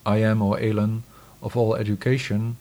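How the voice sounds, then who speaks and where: Man, low voice, scripture reading, measured, solemn, declamatory delivery. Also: level tone, dark tone.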